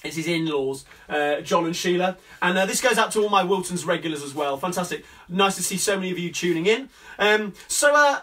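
A man from Coventry hosting a live sing-along stream from home, chatting quickly between songs with lots of fillers. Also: high-pitched, animated. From England (Coventry). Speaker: sing-along host and singer. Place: at home during lockdown. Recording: distant mic, loud backing music.

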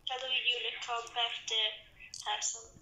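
Bright-voiced woman, playful game role-play. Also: fairly high pitch, level tone, unhurried. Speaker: game player. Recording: roomy with faint noise.

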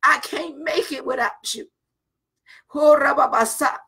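A woman's voice: high-pitched, normal speed, sharp tone. A woman pastor leading a fervent prayer and preaching in an informal, rhythmic way, repeating phrases and breaking into tongues.

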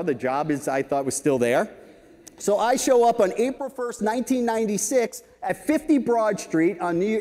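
A man in his fifties giving a conference talk, telling lively anecdotes with frequent "right?" asides. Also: sits high. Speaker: keynote speaker. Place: large conference hall stage. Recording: reverberant conference hall.

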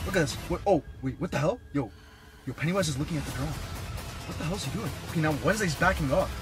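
A young male vlogger with a high, lively voice that leaps around as he narrates in excited bursts. He keeps exclaiming and calling out to his viewers, with faint music playing underneath. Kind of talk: excited live commentary.

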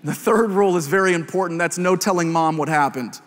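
A man in his thirties, a pastor, telling a humorous family story in a sermon, with lively quoted voices. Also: sits high, fairly quick, slight background noise. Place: large church hall. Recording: long hall reverb.

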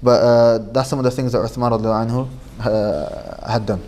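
A man's voice: medium pitch, steady tone, a little fast, a little mellow. A man with a Manchester accent leads an informal lesson in a classroom. He explains at a conversational pace, repeats his points and checks in with the students as he goes. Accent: Manchester English. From Manchester, England. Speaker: teacher.

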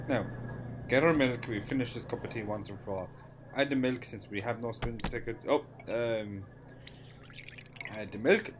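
A man's voice: mid-range voice, moderate pace. Chatty Irish man over background noise. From Ireland. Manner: jokey, chatty, mock-bossy banter. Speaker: gaming YouTuber. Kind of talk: casual gameplay commentary.

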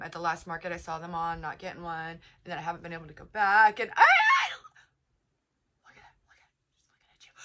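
Bubbly, gushing woman unboxing gifts. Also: mid-range voice. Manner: bubbly, gushing, easily excited. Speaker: vlogger. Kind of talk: casual unboxing chat.

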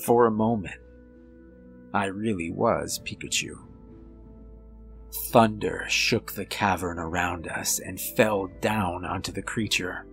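A man narrating a horror story in a measured, steady storytelling manner. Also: low voice. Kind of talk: scripted narration.

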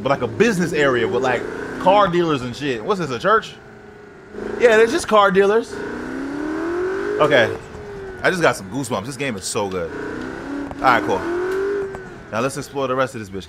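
A man giving casual, profane gameplay commentary as a gaming video host, reacting loudly to what happens in the game. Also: mid-range voice, moderate pace, pauses often. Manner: excitable, profane outbursts at the game. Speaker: gaming YouTuber. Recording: noisy game audio under voice. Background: driving game engine and traffic sounds.

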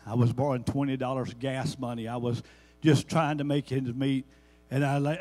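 Man, 50s, church testimony, folksy then fervent, slightly high voice, reverberant hall. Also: darkish tone. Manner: folksy storytelling, builds to fervent emphasis. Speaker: church member giving testimony. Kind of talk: sermon testimony.

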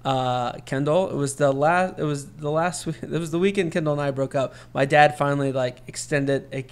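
A man's voice: on the high side, normal speed, clean tone. A man co-hosting a podcast, telling a long personal story in casual chat and acting out the voices of the people he quotes. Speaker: podcast co-host.

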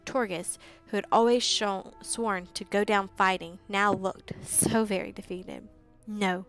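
A woman reading a fantasy novel aloud as narrator, steady and even, with occasional slips. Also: medium pitch, low-quality recording. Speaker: audiobook reader. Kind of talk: live book reading narration.

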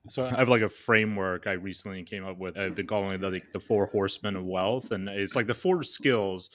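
A man's voice: sits low, a little fast. A man hosting a podcast, chatting easily and asking his guest questions. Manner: relaxed, conversational, asks questions. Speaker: podcast host. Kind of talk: casual interview talk.

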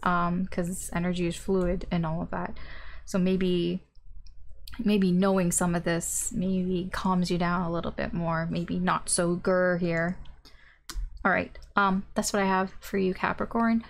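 This tarot reader is a woman with a fairly low, level voice, vocal fry, and a measured pace, with slight background noise. She does a casual reading, thinking aloud with plenty of ums and maybes, and she's blunt, informal, and mildly sweary.

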